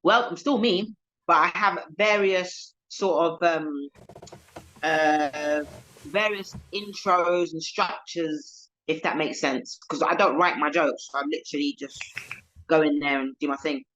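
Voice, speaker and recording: Animated London woman comedian. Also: measured pace, rough recording. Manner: animated storyteller, voices quoted people, lively pitch jumps. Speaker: comedian guest. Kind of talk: casual podcast interview.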